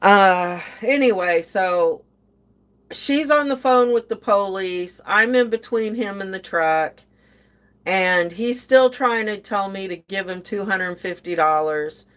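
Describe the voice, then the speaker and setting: A woman's voice: mid-range voice, slow, fairly bright tone. An older woman telling a story in casual chat, indignant and sarcastic as she recounts it. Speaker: podcast host.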